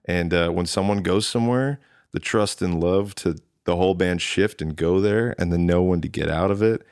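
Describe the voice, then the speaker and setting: A man's voice: sits low, moderate pace, darkish tone, clear, resonant tone, no echo, studio quality. A man, a drummer and guest, telling a rambling story in casual conversation and acting out what people said to him. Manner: rambling, acts out quoted dialogue with restarts.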